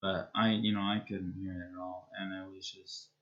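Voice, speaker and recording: A man's voice: sits low, little pitch movement, moderate pace, fairly bright tone, muffled recording. A man streamer chatting casually as he wraps up a live game stream, rambling and hesitant with many restarts.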